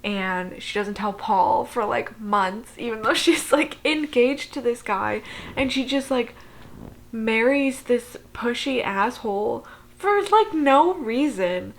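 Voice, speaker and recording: A woman's voice: fairly high pitch, takes it slowly, creaky. A young woman chatting casually as she recaps a book plot, exasperated and laughing, with lots of "like". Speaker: book vlogger.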